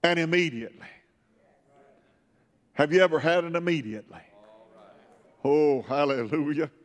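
Older male preacher, higher voice, fervent with shouting bursts, long church reverb. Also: normal speed. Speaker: pastor. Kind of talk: Pentecostal sermon.

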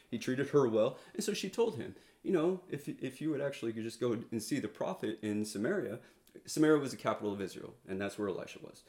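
A man's voice: lowish voice, a little mellow. A man preaching a sermon in a casual, conversational way, retelling a story with many fillers and restarts and acting out the quotes.

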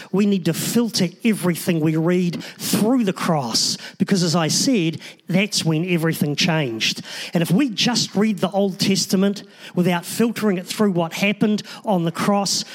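A man, a pastor, preaching a sermon in an earnest, emphatic way with short repeated phrases. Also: high voice.

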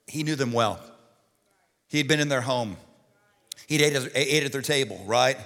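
A male pastor telling a funny story in a sermon, animated and comic, sometimes shouting the punchlines. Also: mid-range voice, normal speed, vocal fry. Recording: long reverb of a large hall.

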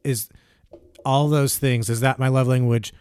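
A man co-hosting a podcast, joking bluntly and throwing in quick asides. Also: medium pitch, steady tone, darkish tone, clean tone, dry recording. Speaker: podcast co-host. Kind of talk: casual chat.

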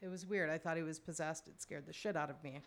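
A woman's voice: low-pitched, fairly even intonation, fast talker, slight background noise. A woman telling a personal story in a conversational, wry way, full of asides and fillers. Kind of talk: personal storytelling, spoken monologue.

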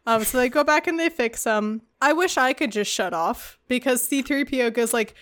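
A woman co-hosting a podcast, retelling a film in lively casual chat with laughs, recorded with static-y audio. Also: high-pitched, moderate pace, hardly any pauses. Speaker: podcast co-host.

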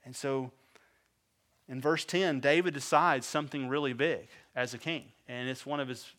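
A man preaching a sermon as pastor, swinging between loud emphatic bursts and quiet low asides, and acting out the characters he describes in casual voices. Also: steady tone, normal speed. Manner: acts out biblical characters in conversational voices.

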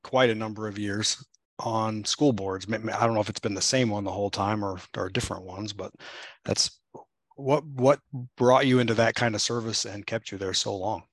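A man hosting an interview, asking questions in a casual, halting way and often restarting his phrases. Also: fairly low pitch, dry recording. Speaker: interview host.

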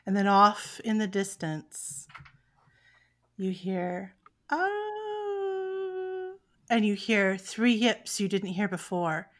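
A woman's voice: medium pitch, steady tone, slow, a bit bright. A woman narrating a tabletop game as game master, telling the scene in a storytelling way. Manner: storytelling, playful, puts on character voices.

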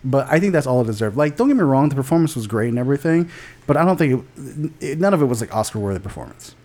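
A man in a loose podcast conversation, blunt and opinionated, dropping swear words and stumbling through restarts as he talks. His voice sits at an ordinary middle pitch for a man. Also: lively intonation, fast, darkish tone. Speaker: podcast co-host. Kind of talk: casual podcast chat.

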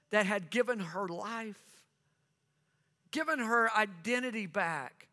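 Slow, bright-voiced male preacher. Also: high-pitched. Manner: earnest storytelling, repeats phrases for emphasis. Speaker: pastor. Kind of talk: sermon. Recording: long reverb of a large hall.

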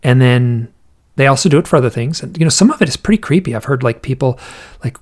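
A man's voice: mid-range voice, expressive, fast. A man talking as an interview guest, thinking aloud and telling stories in a casual, musing way. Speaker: interview guest, researcher of alien encounter accounts.

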